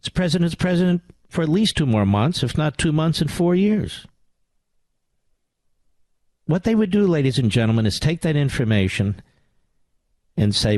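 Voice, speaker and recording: A middle-aged man hosting a talk radio show, ranting with sarcasm and swinging between loud outbursts and low mutters. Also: sing-song, moderate pace, pauses often, dry recording. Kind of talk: angry talk radio monologue.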